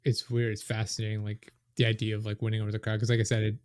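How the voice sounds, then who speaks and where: A man's voice: on the low side, completely flat delivery, racing, a little mellow, dry recording, studio quality. Joking young podcast host man. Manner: loose and joking, lots of fillers. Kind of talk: casual podcast chat.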